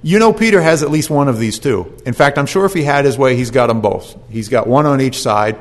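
A man preaching a sermon, telling a scripture story in a folksy, animated way with casual asides. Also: mid-range voice, brisk, few pauses.

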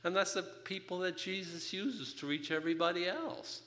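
An older man preaching a sermon, telling his own story in an animated, joking way. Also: high-pitched, moderate pace. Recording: reverberant hall.

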